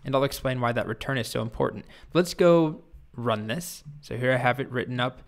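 A young adult man gives a relaxed coding lesson in a chatty, upbeat way. He talks like he is chatting with a friend, with a playful edge. His voice sits at an ordinary male pitch. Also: brisk, creaky. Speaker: programming instructor. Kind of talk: casual coding lesson with storytelling.

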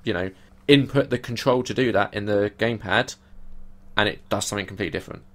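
A man's voice: lowish voice, fast, a bit bright. A young man co-hosting a podcast, chatting casually and complaining animatedly, swearing freely. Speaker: podcast co-host. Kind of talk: casual chat.

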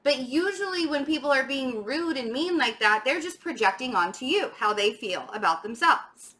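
A woman's voice: sits high, animated, moderate pace, sharp tone. A young adult woman giving a casual tarot reading to camera, chatty, frank and emphatic. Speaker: tarot reader.

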